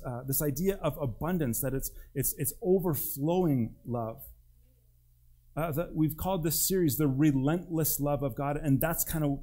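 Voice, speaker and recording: A man's voice: on the high side, warm tone. A man preaching a sermon as pastor, with an emphatic delivery that swings between rising and dropping.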